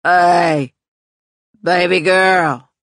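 A loud, slurring drunk man, a menacing middle-aged uncle in a grim audiobook, put on by the narrator. He drags his words out slowly. The voice is close and dry. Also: a little high, no room sound, heavily acted. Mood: leering.

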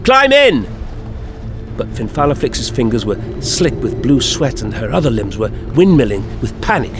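A man narrating an adventure story in an expressive storytelling manner. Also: mid-range voice, moderate pace, music in the background. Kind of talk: audiobook fan-fiction reading.

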